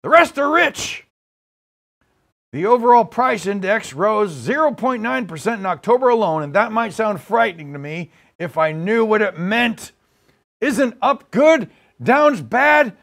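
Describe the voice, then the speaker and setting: A man's voice: high voice, big pitch swings, creaky, a bit bright, full character voice. Man doing a rambling confused old president. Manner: halting, repeating himself, trailing off.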